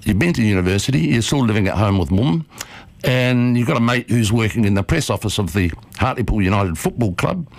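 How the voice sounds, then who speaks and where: A man hosting a radio show, telling a story in a lively, animated way from a studio. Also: on the low side, brisk, creaky, no echo, rough recording. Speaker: radio host.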